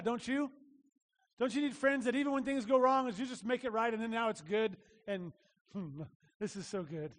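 A male pastor giving a conversational sermon, animated, acting out little voices and asking the room questions. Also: high voice, big-room sound.

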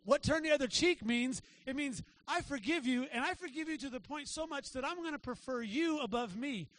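A man preaching a sermon to his church, talking in a casual way and checking in with the congregation with quick asides. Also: extremely high pitch, lively intonation, a bit bright. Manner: conversational preaching with frequent "right?" asides. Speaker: pastor. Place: church sanctuary.

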